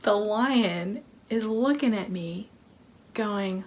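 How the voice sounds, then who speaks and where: A wellness educator from a wellness team tells a playful teaching story slowly in an animated, mid-range voice. She acts out the lesson using props and little character voices.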